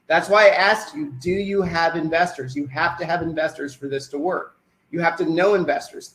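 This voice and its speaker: Presenting a sales pitch to viewers online in real time, a man keeps checking in with questions he goes on to answer himself. He speaks a little high for a man, and a noticeable echo from the room colors the sound.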